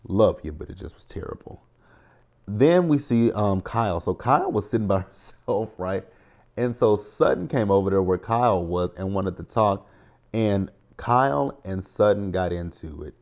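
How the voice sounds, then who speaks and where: A man's voice: on the low side, animated, moderate pace, a little mellow. A man in his thirties giving a chatty, opinionated recap of a reality show, talking straight to his viewers. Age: 30s. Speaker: TV recap host.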